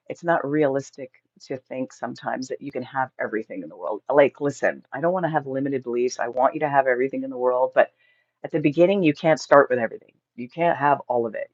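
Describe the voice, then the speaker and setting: A middle-aged woman hosting a casual livestream, reading viewer comments aloud and chatting back with bright exclamations. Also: low voice, no echo, lo-fi sound.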